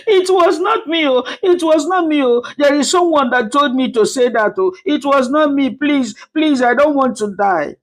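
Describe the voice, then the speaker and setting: A woman's voice: mid-range voice, very animated, measured pace. Woman playing a sobbing housemaid. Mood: terrified pleading. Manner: pleading, breaking into cries. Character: frightened young housemaid, sobbing and pleading.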